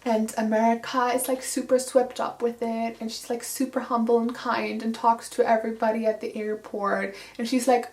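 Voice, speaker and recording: A woman's voice: a little high, steady tone, moderate pace, few pauses, a little mellow. A woman giving a casual, sarcastic book recap, full of filler "like"s, recorded in an echoey room. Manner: sarcastic, casual, lots of 'like'. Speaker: book reviewer.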